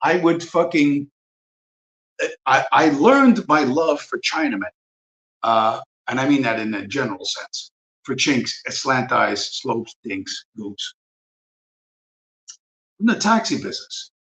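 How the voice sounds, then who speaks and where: A man's voice: mid-range voice, animated, takes it slowly, pauses often, a bit bright, low-quality recording. A man hosting a livestream, ranting profanely and with strong emphasis. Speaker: livestream host. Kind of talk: livestream rant.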